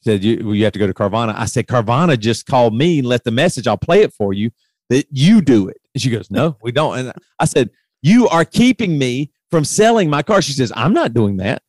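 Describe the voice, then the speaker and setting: A man's voice: medium pitch, a little fast, no room sound. A middle-aged man in casual chat, telling a long story and getting heated as he retells it. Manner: animated retelling, voice rising sharply when heated.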